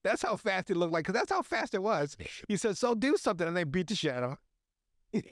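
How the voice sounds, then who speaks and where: A man on a podcast casually recapping a movie, profane and animated, acting out the characters' lines as he goes. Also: sits high, fairly quick, no room sound, studio quality. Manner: profane, animated retelling with acted-out quotes. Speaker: podcast host.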